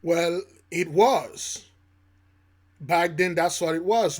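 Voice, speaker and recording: A man hosting his own channel, giving preachy reaction commentary, emphatic and repetitive, swinging between loud and soft. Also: fairly high pitch, slow pace, pauses often. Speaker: channel host.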